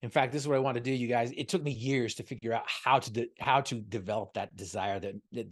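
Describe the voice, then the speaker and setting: A man giving a motivational talk over a video call, telling a story and firing off repeated rhetorical questions. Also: mid-range voice. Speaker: motivational speaker guest.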